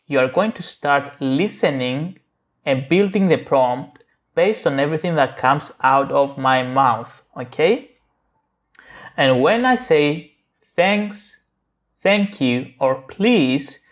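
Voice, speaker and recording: A man who speaks English as a second language, hosting a casual tutorial vlog in a joking, playful, self-mocking way. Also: on the high side. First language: not English. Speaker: tech YouTuber.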